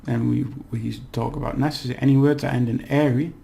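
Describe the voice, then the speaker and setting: A man giving a relaxed, chatty language lesson, slowly repeating words for practice and laughing at his own slips. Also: medium pitch, creaky. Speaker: language teacher. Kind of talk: casual spoken language lesson.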